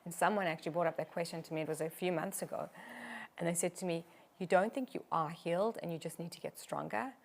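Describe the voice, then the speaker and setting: A woman co-hosting a talk show in casual chat, reflective and speaking softly. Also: on the low side, fast, gravelly.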